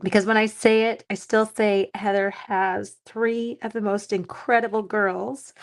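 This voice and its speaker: A middle-aged woman, chatting on a live stream while crafting, warm-hearted and getting teary. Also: mid-range voice, little pitch movement, a little slow. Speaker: livestream crafting host.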